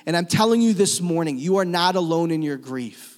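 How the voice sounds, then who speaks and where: A man preaching a sermon as a pastor, swinging between loud emphatic lines and hushed, slow ones. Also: on the high side, animated. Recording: long reverb of a church hall.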